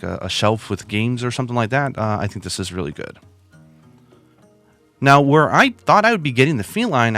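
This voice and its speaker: A man hosting a video and reviewing plush toys in a chatty, casual way, with lots of asides. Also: fairly low pitch. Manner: chatty, with many fillers and asides.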